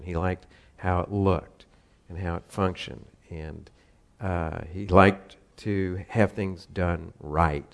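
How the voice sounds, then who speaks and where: A man's voice: deep voice, gravelly. A man, telling a rambling personal story in a casual way, often chuckling. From Southern California. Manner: rambling, chuckles often, many fillers and restarts.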